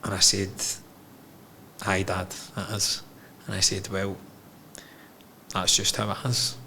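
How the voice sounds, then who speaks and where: A man's voice: sits low, flat delivery, takes it slowly, creaky, sharp tone, slight background noise. A man, a podcast guest telling his own story candidly, frank and emotional, swearing freely.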